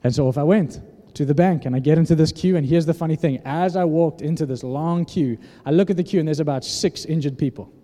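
A man in his thirties preaching a sermon, telling a story and acting out the dialogue with lively energy. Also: a little high, fast, few pauses. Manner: animated storytelling, acts out dialogue. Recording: echoey hall reverb.

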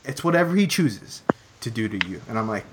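A man's voice: medium pitch, very animated, brisk, very noisy. A young man in casual chat, rambling with many fillers and repeated phrases.

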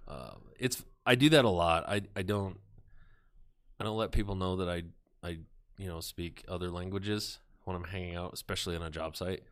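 A man chatting on a podcast, telling a profane, animated story and acting out the voices of the people in it. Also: low voice, moderate pace, pauses often. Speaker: podcast talker. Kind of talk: casual podcast chat.

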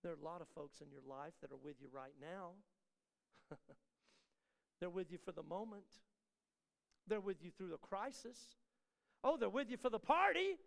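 A man preaching a sermon in a church, building repeated refrains and then dropping to soft, close asides. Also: on the high side, normal speed, vocal fry, pauses often. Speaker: pastor. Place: church sanctuary. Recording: long hall reverb.

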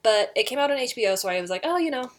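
A woman's voice: mid-range voice, racing. Chatty middle-aged woman telling a story. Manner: chatty, animated, laughs often. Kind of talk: casual storytelling.

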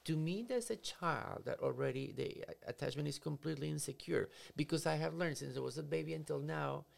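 A psychotherapist explaining ideas in conversation, acting out scenarios in quoted voices. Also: male voice, fairly high pitch, a little fast, vocal fry. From Latin America.

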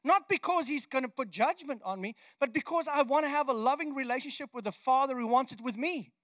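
A man preaching a sermon in a conversational, animated way, often restarting his sentences. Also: very high voice, fairly quick, no room sound. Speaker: pastor.

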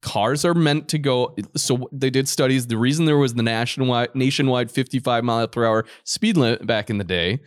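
A man co-hosting a podcast, answering in a calm, measured way. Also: medium pitch, no room sound, studio quality. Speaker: podcast co-host. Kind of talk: casual chat.

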